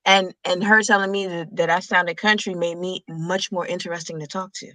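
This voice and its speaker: An American woman talking in a casual group chat, telling stories in a relaxed way. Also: lowish voice, normal speed, no room sound.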